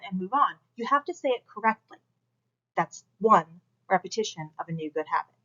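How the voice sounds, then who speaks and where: A woman lecturing her students in a recorded class session, leaning on words for emphasis and moving her voice up and down as she explains. The sound is dull and lo-fi, like a simple lecture capture. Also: mid-range voice. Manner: lively, emphatic teaching. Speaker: instructor.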